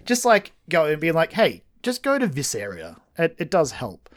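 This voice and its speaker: A fairly high-voiced man chats on a gaming podcast, teasing his co-host and laughing often. He sounds relaxed and conversational. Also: normal speed. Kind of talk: casual chat.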